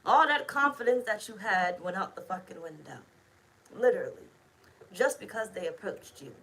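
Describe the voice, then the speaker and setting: Woman tarot reader, bright edgy tone, profane and blunt, chatty delivery to camera. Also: mid-range voice, lively intonation, normal speed, poor audio. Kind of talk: casual tarot reading to camera.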